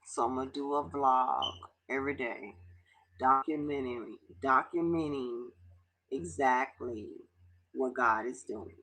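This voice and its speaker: A middle-aged woman from Baltimore in an emotional confessional vlog, tearful and halting, sometimes dropping to a near whisper. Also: rumbling low, fairly bright tone, poor audio. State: tearful, fighting back tears. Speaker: vlogger.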